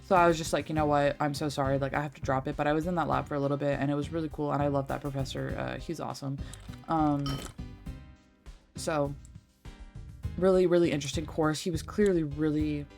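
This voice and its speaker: Rambling young woman streamer, lowish voice. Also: steady tone, brisk, creaky, darkish tone. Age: young adult. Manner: rambling, filler-heavy, swears freely. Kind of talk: casual gaming stream chat. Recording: faint game music behind. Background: faint game music.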